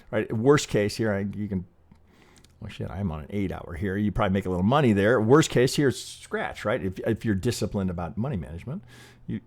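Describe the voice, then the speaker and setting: A man's voice: fairly low pitch, a little mellow. A man hosting a trading channel, walking through charts in casual, rambling talk, often asking "right?" and restarting sentences, with blunt, salty asides. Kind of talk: casual chart analysis walkthrough.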